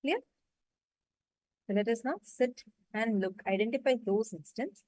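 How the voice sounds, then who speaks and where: A woman's voice: on the high side, moderate pace, warm tone, no room sound, rough recording. A woman leading an online spiritual class, giving patient step-by-step instructions and often checking that everyone understands. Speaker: meditation session facilitator.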